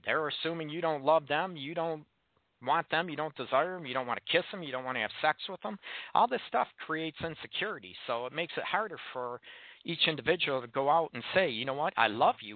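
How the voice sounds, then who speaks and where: Brisk and somewhat high-pitched, this man runs a call-in radio show on relationships, talking plainly and challenging his audience with pointed rhetorical questions. The recording is dry and tinny, like a phone line, with no echo.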